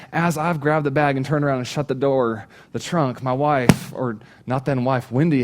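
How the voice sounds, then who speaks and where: A man in his thirties, a pastor giving a sermon, telling a funny personal story and acting out his own shouts. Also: fairly high pitch. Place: church stage.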